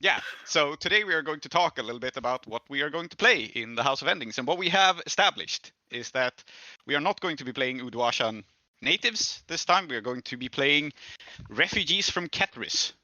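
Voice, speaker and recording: Cheerful man running the game, very bright voice, dry close mic, casual podcast host. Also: on the high side, animated, a little fast, no echo, muffled recording. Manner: upbeat, laughs often, many fillers.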